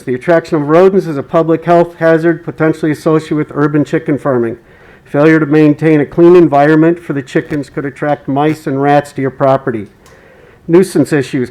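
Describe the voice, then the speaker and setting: A man giving public comment at a city meeting, reading quoted passages in a measured, formal way. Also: fairly high pitch, warm tone, poor audio. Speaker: resident speaking at public comment.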